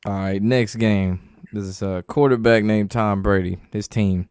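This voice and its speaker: A man's voice: lowish voice, dry recording, clean studio sound. A man casually hosting a sports picks chat, reading out each matchup and the betting line before giving his pick. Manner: laid-back, reads matchups and lines before giving picks.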